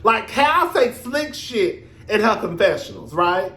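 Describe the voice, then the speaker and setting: A man hosting his own reality TV review vlog, talking in a sassy, animated, profane gossip style with drawn-out emphasis. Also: sits high, echoey room. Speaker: reality TV reviewer, show host. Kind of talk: casual commentary vlog.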